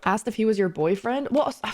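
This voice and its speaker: A young adult woman streamer telling a story casually, animated and laughing often as she acts out what people said. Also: mid-range voice, moderate pace.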